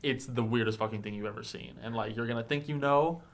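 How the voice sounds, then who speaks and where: A man's voice: mid-range voice, quick pace. A man chatting casually as a podcast guest about films, rambling with many fillers. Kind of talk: casual film chat.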